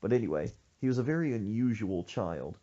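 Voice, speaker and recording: A man hosting a podcast, telling a story in an animated, jokey way. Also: on the low side, a little fast, dull audio. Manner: animated, jokey, acts out quoted voices. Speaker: podcast host. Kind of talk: casual storytelling chat.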